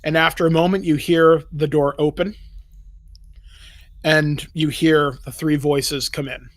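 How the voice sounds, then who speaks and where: A man narrates a tabletop game as game master, brisk and descriptive. His voice sits a little high. It is dry and close to the mic. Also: flat delivery, no echo.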